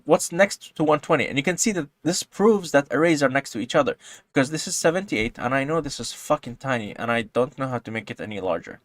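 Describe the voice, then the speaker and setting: Excitable man explaining code, swearing. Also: medium pitch, dry recording, clean studio sound. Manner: swings from calm explaining to loud excited outbursts, swears often. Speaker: programming tutorial host. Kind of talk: casual screen-recorded coding tutorial.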